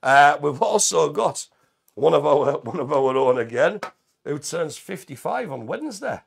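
Co-host type: man, gravelly and a bit husky, lively up-and-down delivery, jokey banter. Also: fairly high pitch, a little slow. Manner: jokey, chatty, animated. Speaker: co-host of a live community show. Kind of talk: casual live chat.

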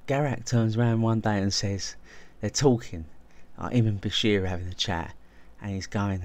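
Male video essay host, lowish voice, casual and enthusiastic, rambling with restarts. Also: fairly even intonation, moderate pace, a little mellow. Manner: enthusiastic, rambling, with frequent restarts and repeated words. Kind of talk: casual spoken video commentary.

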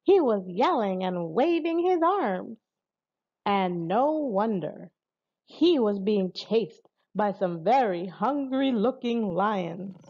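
A woman narrating a children's storybook aloud in a slow, expressive read-aloud manner. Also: mid-range voice, muffled recording. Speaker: audiobook narrator.

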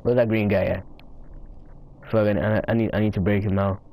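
A man giving rowdy, profane commentary while playing a game, often breaking into loud high-pitched yells. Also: level tone, a little fast, gravelly. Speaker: gamer recording his play. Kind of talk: casual gaming commentary.

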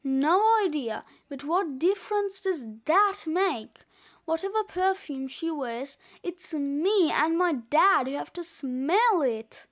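A woman's voice: high voice, expressive, slow. A woman doing a boastful schoolboy. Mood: casual. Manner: boastful, breezy. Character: cocky boy, a scheming schoolkid author.

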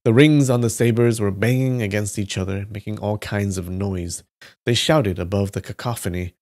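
A man reads a story aloud on a live stream in a lowish voice. His narration is steady and plain. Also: moderate pace. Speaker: live reader.

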